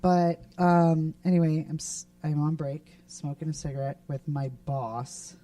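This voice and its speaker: A woman co-hosts a relaxed podcast chat, telling personal stories with easy laughter. Her voice sits a little low and sounds slightly distant from the microphone. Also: measured pace, no echo. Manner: chatty storyteller, laughs often. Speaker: podcast co-host. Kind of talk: casual chat.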